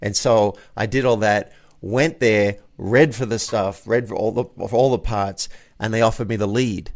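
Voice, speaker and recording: A man's voice: fairly low pitch, fairly even intonation, normal speed, gravelly. Earnest man telling a story with restarts. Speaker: guest. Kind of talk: casual chat.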